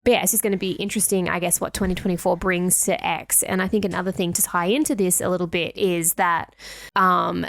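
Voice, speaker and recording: A woman's voice: lowish voice, little pitch movement, fairly quick, gravelly, dry recording. Chatty woman co-host, dry sound. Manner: chatty, filler-heavy, giggly. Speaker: podcast co-host. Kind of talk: casual podcast chat.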